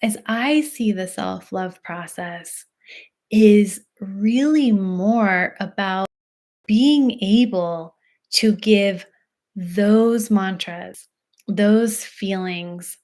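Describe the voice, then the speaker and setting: Woman coach, unhurried, soothing and reassuring delivery, mid-pitched. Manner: soft-spoken and reassuring, with frequent "like" and "right?". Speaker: intuitive love guide. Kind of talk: slow, gentle coaching talk to camera.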